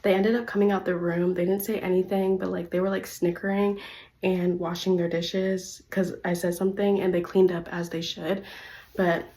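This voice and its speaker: Young woman vlogger, storytime monologue, chatty and profane, loud rants and hushed asides. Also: normal speed. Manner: chatty, animated, heavy use of "like", swears freely; swings between loud ranting and low, quiet asides. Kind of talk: casual storytime vlog.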